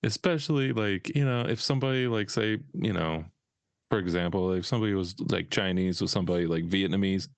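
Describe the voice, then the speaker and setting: A man's voice: low voice, brisk, creaky, no room sound. A man co-hosting a casual podcast, talking in a laid-back, rambling way with lots of fillers and blunt swearing. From California. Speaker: podcast co-host.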